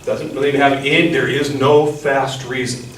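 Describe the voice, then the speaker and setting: A man's voice: mid-range voice, flat delivery, normal speed, far from the mic, slight background noise. Man lecturing in an echoey room. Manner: explanatory, chants rhythms aloud. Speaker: music teacher. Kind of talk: classroom lecture.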